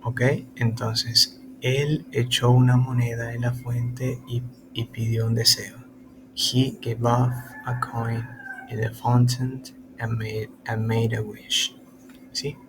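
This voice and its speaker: A male tutor teaches in English, a he speaks haltingly, often restarting words midway. His tone stays level, with little rise or fall. A steady hiss of background noise runs under the recording. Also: mid-range voice. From Latin America. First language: Spanish. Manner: halting English with many restarts and self-corrections. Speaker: Spanish tutor. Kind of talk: online language lesson.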